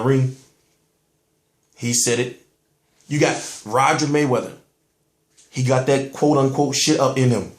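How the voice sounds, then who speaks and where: A man's voice: medium pitch, echoey room. Rambling man hosting a boxing vlog. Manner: rambling, rhetorical questions, profane street talk. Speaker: boxing show host. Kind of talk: casual boxing commentary vlog.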